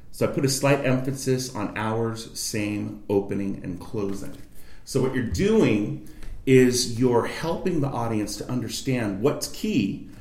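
A man's voice: medium pitch, measured pace, a little mellow. A man, a voice actor, explaining reading technique as a guest in a library study room. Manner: coaching, demonstrates reading aloud. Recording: roomy echo.

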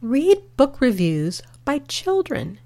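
A woman's voice: high voice, wildly swooping pitch, slow, dark tone. A woman hosting a scripted community radio segment, reading local events and telling family anecdotes in a chatty way. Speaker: radio host.

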